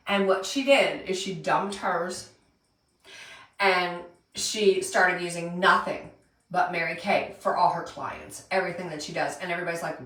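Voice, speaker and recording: A woman's voice: mid-range voice, moderate pace, fairly bright tone. Woman, chatty live makeup tutorial host, a bit distant from the mic, echoey room. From Pennsylvania. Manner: chatty, greets viewers by name. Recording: roomy echo, voice a bit far from mic.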